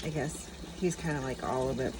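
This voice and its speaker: A woman's voice: a bass voice, a little fast, darkish tone, a little hiss or hum, rough recording. A middle-aged woman chatting casually at home in a morning vlog, rambling and laughing often. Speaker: vlogger.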